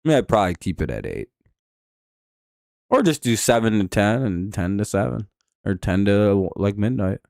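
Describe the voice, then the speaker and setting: A man's voice: on the low side, very animated, normal speed, creaky, long pauses, a little mellow, no echo, clean studio sound. Rambling, profane male game streamer. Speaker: live stream host. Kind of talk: casual live game commentary.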